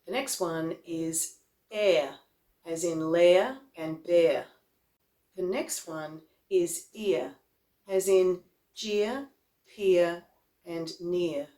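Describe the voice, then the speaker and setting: A woman vocal coach explaining pronunciation, demonstrating example words slowly one at a time. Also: on the low side, dark tone, roomy sound. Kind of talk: instructional explanation.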